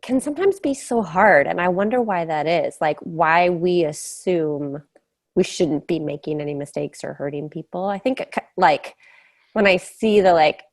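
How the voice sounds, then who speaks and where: A woman's voice: lowish voice, normal speed. A woman co-hosting a church talk, asking thoughtful questions.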